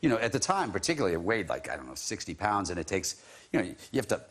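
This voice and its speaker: A man's voice: low voice, very animated, racing, fairly bright tone, husky. Self-mocking man telling a story. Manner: self-deprecating, laughs often. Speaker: guest. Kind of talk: chat show anecdote.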